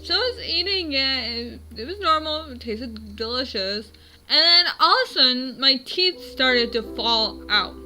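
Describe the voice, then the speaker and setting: A woman's voice: high voice, lively intonation, unhurried, sharp tone, rough recording. A woman in her twenties at home, telling her dreams in a rambling, self-correcting casual vlog. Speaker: vlogger.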